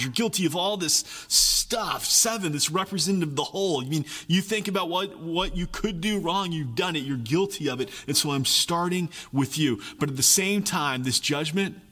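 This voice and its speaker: A man preaching a sermon, animated, acting out the voices of complaining people. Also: fairly high pitch, big-room sound. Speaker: pastor.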